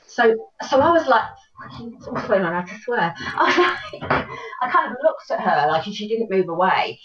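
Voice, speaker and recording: A middle-aged woman, an actor, telling stories in an animated way over a video call. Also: medium pitch, moderate pace. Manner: animated storytelling, laughs often. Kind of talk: casual chat. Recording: echoey distant dull call audio.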